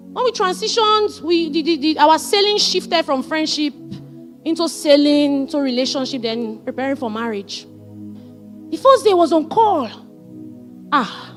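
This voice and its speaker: Very high-pitched lady telling a marriage story into a mic, lively and dramatic, faint music under it. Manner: animated, dramatic retelling. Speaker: speaker on marriage. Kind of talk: storytelling talk. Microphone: handheld mic.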